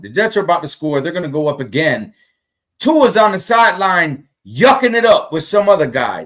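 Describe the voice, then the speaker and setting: A man co-hosting a casual sports talk show, ranting heatedly about his team. His voice sits a little high for a man. He stumbles over restarts and repeats himself, driving each point home. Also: fairly bright tone. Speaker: podcast co-host.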